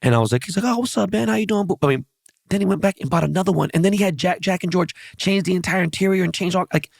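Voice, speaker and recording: A man hosting a podcast in casual chat, blunt and profane, teasing his guest with quick-fire questions. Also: high-pitched, gravelly, no echo, studio quality. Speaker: podcast host.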